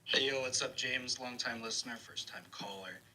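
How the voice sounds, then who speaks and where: A man calling in to a live show for the first time, talking in a relaxed, informal way. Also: medium pitch, moderate pace, rough recording. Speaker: caller. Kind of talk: casual call-in chat.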